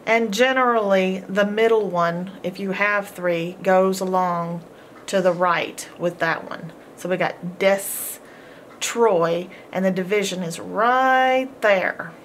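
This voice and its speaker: A woman's voice: medium pitch, slow, a bit bright, slight background noise. A woman teaching a phonics lesson, patiently sounding out letters and words and praising the learner. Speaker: homeschool teacher.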